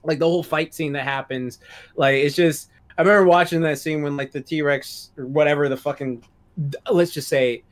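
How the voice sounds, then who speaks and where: Man, podcast co-host, casual chat, profane, animated, slightly high voice. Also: moderate pace.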